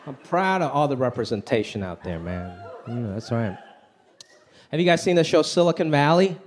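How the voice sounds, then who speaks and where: A man of medium pitch and lively intonation keeps a moderate pace through his stand-up set in a large theater. He chats with the crowd in a punchy way and throws in exaggerated impressions, backed by the laughter and applause of a loud live audience.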